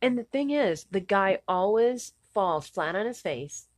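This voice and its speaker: A woman in her thirties co-hosting a casual chat, blunt and cynical, a little hoarse and often clearing her throat. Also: mid-range voice, lively intonation, measured pace. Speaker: podcast co-host.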